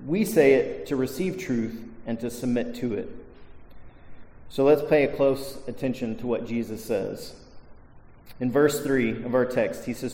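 A man's voice: medium pitch, moderate pace, mellow. A male pastor preaching a sermon to a congregation, stressing key words with emphasis. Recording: echoey hall reverb.

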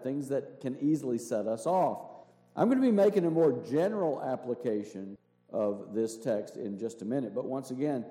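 A man's voice: mid-range voice, mellow. A man, a pastor preaching a sermon, explaining things step by step and asking rhetorical questions. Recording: echoey hall with long reverb.

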